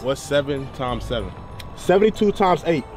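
A man hosts a prank quiz, giving teasing, deadpan orders to a contestant. His pitch moves in a lively way, and music plays clearly behind him. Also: moderate pace. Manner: playful, teasing, deadpan instructions. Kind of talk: prank video hosting.

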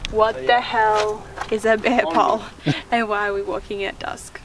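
A woman's voice: medium pitch, little pitch movement, measured pace, over a noisy crowd. A young woman chatting outdoors on a hike, dry and teasing. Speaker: travel companion. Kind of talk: casual chat. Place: outdoors on a hiking trail.

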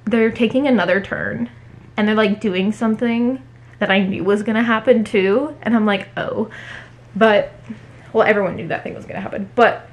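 A woman chatting casually at home in a haul vlog, talking fast with many fillers. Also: medium pitch, steady tone. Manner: chatty, fillers every few words. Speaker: book vlogger.

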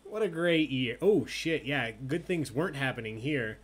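A man hosting an online trivia night, announcing questions and scores in a loud, playful way. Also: medium pitch, lively intonation, normal speed, breathy edge. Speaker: trivia host.

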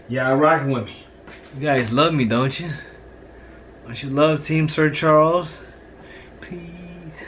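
A man's voice: fairly high pitch, sharp tone, a little hiss or hum. A man talking casually to the camera in a home kitchen, slangy and chatty, calling his viewers fam. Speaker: prank vlogger, husband. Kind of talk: casual vlog talk to camera. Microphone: camera set on top of refrigerator.

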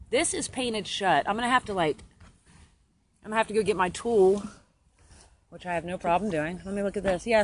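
A woman's voice: medium pitch, fairly bright tone, slight background noise. A woman livestreaming from her phone outdoors while tending beehives. She swears freely and swings between stress and delight. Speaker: beekeeper livestreaming her hives. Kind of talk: casual livestream. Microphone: phone held while working.

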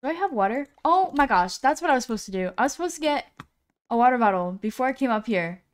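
Chatty woman streamer with a smooth, fairly high voice. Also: lively intonation, fast. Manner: chatty, rambling, self-deprecating. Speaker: live-streamer. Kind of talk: casual gaming live-stream chat. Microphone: computer streaming mic.

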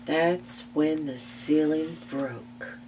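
A woman reads a children's picture book aloud for a library storytime, very slow and deliberate, with expressive gasps. She sits back from the mic, and a faint hum runs under the recording. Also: sits low, far from the mic.

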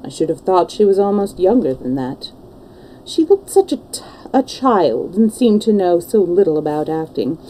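A woman's voice: on the low side, big pitch swings, moderate pace, mellow, a little hiss or hum, rough recording. A woman reading the part of a worldly, cynical English lord in a storybook, languid and matter-of-fact. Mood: breezy.

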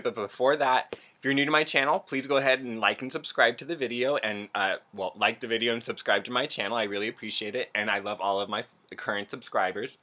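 A young adult man hosting an unboxing vlog, gushing and excitable, often gasping and squealing as he chats straight to his viewers. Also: lowish voice. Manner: chatty and direct to viewers. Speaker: channel host.

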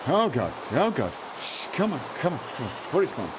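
A man streaming live gameplay, muttering to himself, repeating lines and breaking into excited outbursts. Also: on the high side, a little fast, background noise.

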